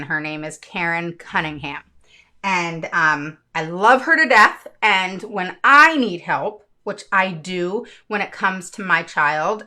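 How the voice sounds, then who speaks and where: A woman's voice: mid-range voice, bright, forceful tone. A middle-aged woman, a parent advocate hosting her own show, talking candidly and emotionally to her viewers in a casual, chatty way. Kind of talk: casual vlog talk to viewers.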